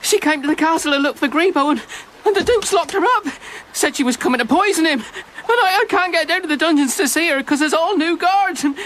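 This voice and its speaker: A woman's voice: extremely high pitch, fairly quick, a bit bright, slight background noise. A woman playing a panicky young lad. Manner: panicky, rambling, stammering. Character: anxious, gabbling young man, guard. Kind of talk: animated cartoon voice acting.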